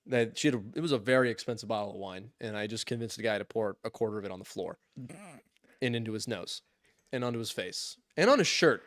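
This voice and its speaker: A young man casually telling a funny story on a podcast, lively, acting out what others said and laughing often. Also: lowish voice, fast, no room sound, studio quality. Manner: animated, acts out quotes in voices, laughs often. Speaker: podcast co-host.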